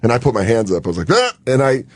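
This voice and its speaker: Animated young comic telling a story. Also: male voice, fairly low pitch, very fast, no room sound. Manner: animated storyteller, acts out quotes, laughs often. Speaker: comedian guest. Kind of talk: casual radio show chat.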